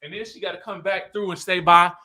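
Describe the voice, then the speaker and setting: A man's voice: high-pitched, quick pace. A man with a Southern US accent casually recapping a reality show, acting out lines and laughing often. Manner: animated storytelling, acts out cast members' lines. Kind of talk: casual chat.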